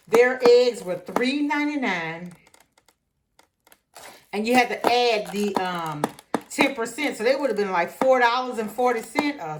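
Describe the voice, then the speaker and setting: A woman's voice: fairly high pitch, slight background noise. A middle-aged woman walks through her grocery haul. She keeps it casual and chatty and talks straight to her viewers as "y'all", in an easygoing, folksy way. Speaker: vlogger.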